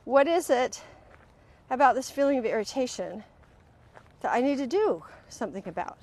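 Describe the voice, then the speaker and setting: This host's voice sits high and moves at a moderate pace as she leads a live-streamed talk on emotional healing from home. She addresses viewers directly and earnestly, animatedly slipping into quoted voices partway through sentences.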